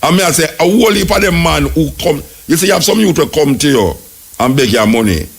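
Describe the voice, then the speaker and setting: A radio talk show host with a Jamaican accent tells rambling stories in patois and chats with callers, acting out quotes. His fairly high voice is animated, brisk, gravelly and slightly rough.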